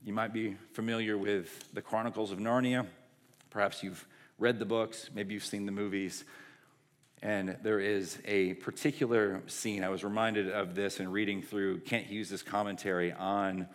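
Man, pastor, sermon, conversational with fillers, lowish voice, reverberant sanctuary. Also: level tone, normal speed. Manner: conversational, with fillers and self-corrections. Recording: long hall reverb.

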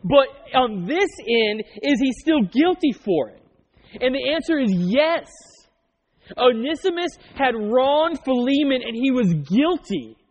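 High-voiced male pastor in a reverberant hall. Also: expressive, slow pace. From Oklahoma. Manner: conversational storytelling with jokes. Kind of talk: sermon. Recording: muffled sound in a reverberant hall.

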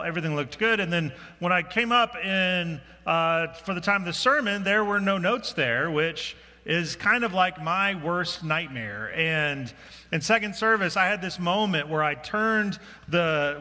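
A man preaching a sermon as pastor, talking in a relaxed, self-deprecating, conversational way with restarts. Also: sits high, moderate pace. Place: church sanctuary. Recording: reverberant church sanctuary.

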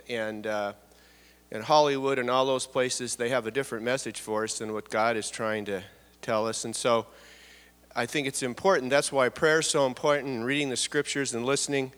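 A middle-aged man giving a personal testimony in church, earnest and halting, often repeating words and dropping his voice. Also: mid-range voice, a bit bright. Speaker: church speaker sharing testimony. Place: church hall. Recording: long hall reverb.

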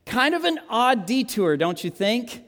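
High-voiced preacher telling a story. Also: male voice, measured pace. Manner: animated, self-amused storyteller with frequent restarts. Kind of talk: sermon storytelling. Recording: long hall reverb.

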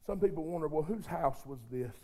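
A man preaching a sermon who talks straight to his congregation and swings between hushed, intimate passages and shouted, fervent ones. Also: on the high side, lively intonation, a little fast. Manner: addresses the congregation directly, calls for responses.

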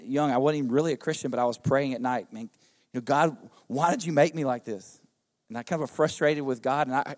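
A middle-aged man, a pastor preaching a sermon in a relaxed, conversational way, often asking the congregation questions. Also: medium pitch. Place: church service.

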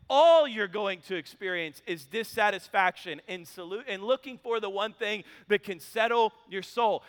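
Male pastor, high bright voice, candid self-mocking sermon, long hall reverb. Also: clean tone. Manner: candid, self-mocking storytelling with quick asides. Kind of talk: sermon with personal stories.

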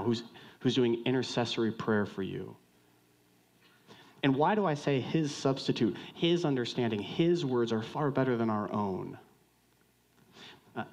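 A man preaching a sermon, animated, acting out short dialogues with jumps in pitch. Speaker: pastor.

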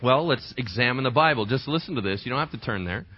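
A pastor preaches a conversational, animated sermon, putting rhetorical questions to the congregation. He has a mid-range voice and a quick pace, captured in a dull, lo-fi, dry recording.

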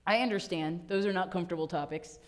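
A woman's voice: fairly low pitch, fast talker. A woman pastor preaching a sermon, telling a story playfully and acting out little voices in the quotes.

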